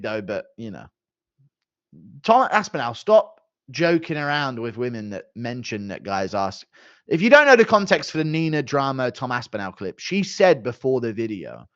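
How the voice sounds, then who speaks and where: A young man chats with viewers on a live stream. His voice swings up and down with animated, joking energy. The sound is dry and somewhat dull and lo-fi. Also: medium pitch, no echo. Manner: animated and joking, with mild swearing. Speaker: streamer reading chat. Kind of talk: casual live-stream chat.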